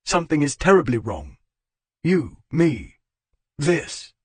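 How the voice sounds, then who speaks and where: A man voicing a flustered, lovesick young gentleman in an audiobook, with gruff, earnest delivery. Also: big pitch swings, slow pace, dry recording, heavily acted. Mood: exasperated. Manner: gruff, earnest, low growls. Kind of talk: audiobook character voice.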